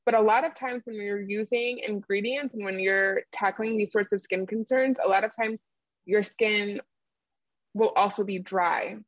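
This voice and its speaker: Answering interview questions about her skincare line, the brand's founder talks conversationally, full of fillers and light laughter. She has a mid-range voice with fairly even intonation and a moderate pace, on a muffled recording without echo.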